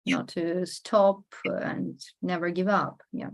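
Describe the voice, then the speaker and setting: A woman interviewing a guest, pausing and filling gaps while she looks for her words. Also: fairly low pitch, level tone, gravelly, poor audio. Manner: hesitant, searches for words with fillers. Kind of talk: interview questions.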